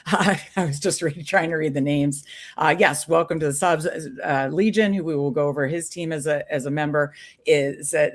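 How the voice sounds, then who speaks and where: A woman co-hosting a live stream, chatting casually and upbeat with many fillers. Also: sits low. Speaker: podcast co-host.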